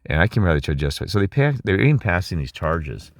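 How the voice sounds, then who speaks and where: A man's voice: low-pitched, very animated, fast talker, gravelly, slight background noise. A middle-aged man talking in a rambling, emphatic monologue, asking listeners questions and restarting his sentences. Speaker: channel host.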